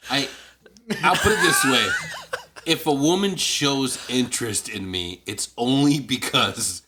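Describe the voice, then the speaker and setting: A man's voice: mid-range voice, a little slow, heavy background noise. A man co-hosting a casual podcast in a studio, making crude, self-deprecating jokes and laughing often. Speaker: podcast co-host. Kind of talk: casual chat.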